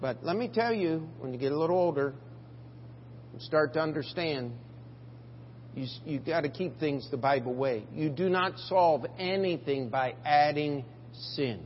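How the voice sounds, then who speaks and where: Older male pastor, halting, filler-heavy sermon delivery; slightly high voice; reverberant, dull lo-fi church recording. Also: a little hiss or hum. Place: church sanctuary.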